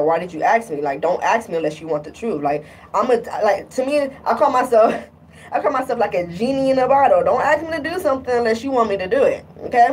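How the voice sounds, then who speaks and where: Young female vlogger, husky, frank and exasperated, mic set back a bit. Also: mid-range voice, a little mellow, recorded from a distance, low-quality recording. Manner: frank, exasperated, quotes partner in mocking voices. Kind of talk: candid personal rant to camera.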